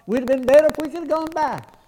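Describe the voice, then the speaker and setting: A man's voice: extremely high pitch, rapid-fire, a bit bright, pitched above the performer's own voice, rough recording. A man preaching, voicing a reluctant male prophet who pleads anxiously in a raised, strained voice. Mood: pleading.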